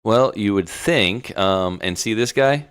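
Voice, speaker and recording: A man's voice: lowish voice, takes it slowly, a bit bright, clean tone, no room sound, studio quality. A man co-hosting an online talk show in a laid-back, rambling, mocking way. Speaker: co-host. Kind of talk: casual chat.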